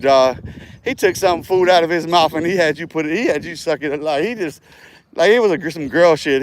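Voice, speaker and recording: A man hosting his own livestream, rambling and taunting his viewers in a profane rant, often breaking into laughter. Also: fairly high pitch. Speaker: livestream host.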